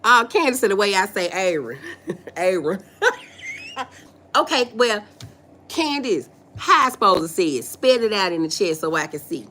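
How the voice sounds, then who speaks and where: Animated Southern woman chatting with her livestream viewers. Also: mid-range voice, moderate pace, long pauses, slight background noise. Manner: animated, folksy, reads chat aloud and answers, laughs often. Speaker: livestream host. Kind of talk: casual live chat reading comments.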